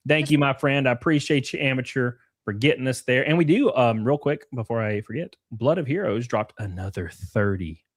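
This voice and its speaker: A man's voice: mid-range voice, animated, brisk, few pauses, no echo, studio quality. A man in his thirties hosting a livestream in casual chat, reading out viewer messages. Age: 30s. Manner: casual, swears, reads super chats aloud. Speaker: livestream host.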